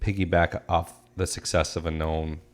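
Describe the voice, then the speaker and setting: Male podcast co-host, low voice, deadpan and casual. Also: normal speed. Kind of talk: casual chat.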